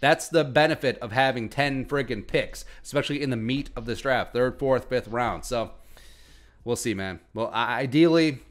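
Animated sarcastic sports podcast host, man. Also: mid-range voice, moderate pace. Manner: animated, sarcastic, joking asides. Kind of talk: casual sports commentary.

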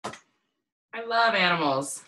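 A call participant giving short, soft-spoken replies. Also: medium pitch, lively intonation, extremely slow, low-quality recording.

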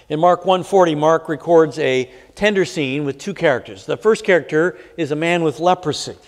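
A man pastor preaching a sermon in a measured way, pausing with fillers and reading scripture aloud. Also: a little high, in a large hall.

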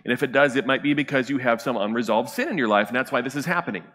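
A man's voice: medium pitch, racing, fairly bright tone, big-room sound. A man preaching a sermon as pastor in a conversational way, often checking in with the congregation. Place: church sanctuary.

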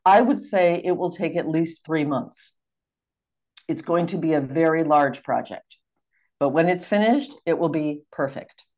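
An American woman running a seminar over a video call, giving clear, measured and courteous instructions. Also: deep voice, a little mellow, muffled recording. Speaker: seminar facilitator.

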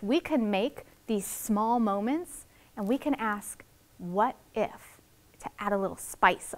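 A woman teacher reading a story aloud to second graders and explaining its writing in an expressive, friendly way. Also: fairly high pitch. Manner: expressive, explaining to young children.

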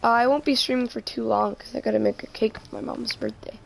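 A woman's voice: fairly high pitch, steady tone, fast, gravelly, a little hiss or hum. A woman streaming a game live, chatting casually and joking, often trailing off mid-sentence.

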